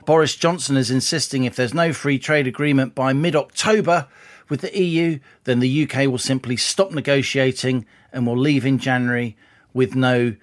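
A man co-hosting a political podcast, talking in a wry, brisk, explanatory way. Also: mid-range voice, steady tone. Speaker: co-host. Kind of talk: casual political podcast chat.

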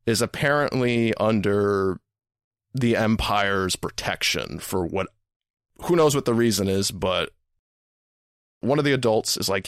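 Low-voiced man telling a long story. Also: expressive, unhurried, long pauses, no echo, studio quality. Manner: rambling, repeats words, casual swearing. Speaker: podcast host. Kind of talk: casual storytelling.

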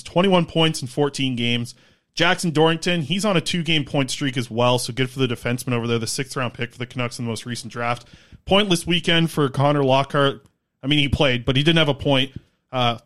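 Fast-rambling man on a sports podcast. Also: a little high, a bit bright. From Canada. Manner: rambling, filler-heavy delivery. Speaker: podcast co-host. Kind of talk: casual sports chat.

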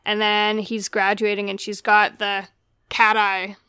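A woman's voice: mid-range voice, monotone, measured pace, bright, forceful tone, clear, resonant tone, no room sound. Woman, casual chat, chatty with fillers, resonant, dry recording. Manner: chatty, with fillers and trailing sentences. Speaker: podcast co-host discussing a film.

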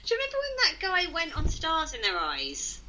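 A woman co-hosting a podcast in casual chat, giggly and quick to laugh at her own bad puns. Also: very high-pitched, huge pitch swings, bright, forceful tone, slight background noise, low-quality recording. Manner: giggly, self-mocking about her puns. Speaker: podcast co-host.

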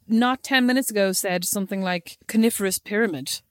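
A woman's voice: medium pitch, a little fast, dry recording, studio quality. A woman chatting casually as a podcast co-host, teasing her friend dryly and often asking "you know what I mean". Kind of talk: casual chat.

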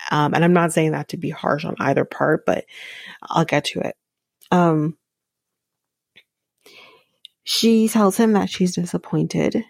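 A woman's voice: low voice, fairly even intonation, slow pace, gravelly, pauses often, no echo. A woman hosting a reality show recap podcast, giving blunt, profane opinions in casual commentary. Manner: blunt, profane, talks through fillers.

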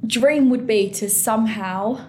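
A woman's voice: fairly high pitch, measured pace, mellow. Young woman, casual podcast chat, rambling, restarts, faint hiss. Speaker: podcast co-host.

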